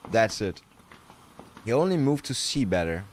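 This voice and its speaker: A man's voice: fairly low pitch, sing-song, normal speed, a little hiss or hum. A man livestreaming, reacting to videos with joking, profane live commentary.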